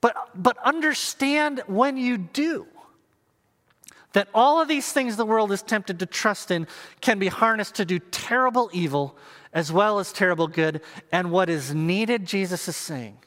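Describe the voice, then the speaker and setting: A man delivers an earnest sermon in a high, light voice. He speaks slowly, pausing between phrases and stressing repeated words. His voice carries a long reverb, as in a large hall. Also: fairly bright tone. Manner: earnest preaching with measured pauses and emphatic repetition. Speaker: pastor.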